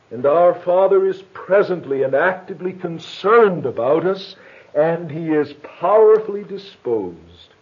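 Earnest man preaching a sermon. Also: medium pitch. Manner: earnest, rising to emphatic bursts. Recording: muffled lo-fi recording.

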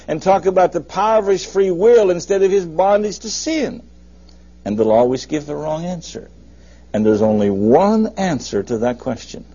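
A man preaching a sermon in a folksy, emphatic way, with his voice rising for questions and dropping low for asides. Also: breathy edge. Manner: folksy, emphatic preaching with lively rises and drops. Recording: dull, muffled lo-fi recording.

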